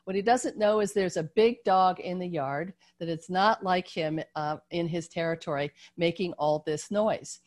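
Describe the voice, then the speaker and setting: Gentle woman teaching through a story. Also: on the low side, moderate pace, few pauses. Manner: gentle, with frequent fillers and restarts. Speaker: teacher leading a group call.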